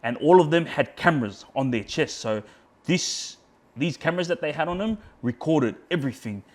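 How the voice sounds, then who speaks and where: A man's voice: a little high, expressive, normal speed. Australian man telling a heated story. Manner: heated, swears a lot, re-enacts shouting in quotes; frequent fillers like yeah, bro, friggin'. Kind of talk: casual storytelling.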